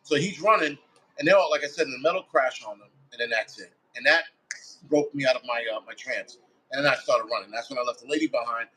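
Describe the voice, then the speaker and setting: A man's voice: mid-range voice, quick pace, pushed and bright, a little hiss or hum, poor audio. A man, a firefighter guest, telling a story in a blunt, casual way with heavy swearing, acting out his own quoted thoughts. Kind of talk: casual first-person storytelling.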